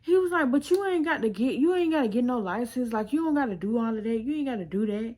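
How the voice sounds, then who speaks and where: A woman's voice: a little high, lively intonation, quick pace, dark tone. A young woman casually telling a personal story on her vlog, chatty and full of slang, often quoting what others said. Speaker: storytime vlogger.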